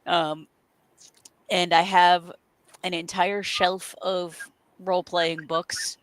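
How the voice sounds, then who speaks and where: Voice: medium pitch, little pitch movement, slow, a bit bright, a little hiss or hum, rough recording. A host of a live stream show, chatting casually and reading viewer comments, with "um" and "uh" fillers. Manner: reads viewer chat aloud, uses "um" and "uh" fillers.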